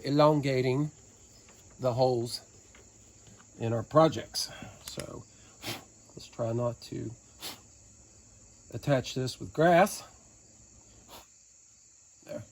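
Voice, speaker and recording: A man with a Southern Appalachian twang narrates his boat refit as he works with his hands, cracking folksy jokes to the viewers. His voice is mellow and relaxed. Faint crickets and insects hum in the outdoor air behind him. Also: mid-range voice. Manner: folksy, joking, talking to viewers while working with his hands. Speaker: DIY boat-repair vlogger. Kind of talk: casual how-to narration while working. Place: outdoors beside a boat on the ground.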